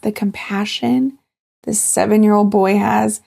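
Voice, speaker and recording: A woman in her thirties, a guest in an interview, talking in a halting, heartfelt way with many fillers. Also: mid-range voice, fairly even intonation, vocal fry, dark tone. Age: 30s. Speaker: guest sharing her cancer journey. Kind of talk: candid personal interview.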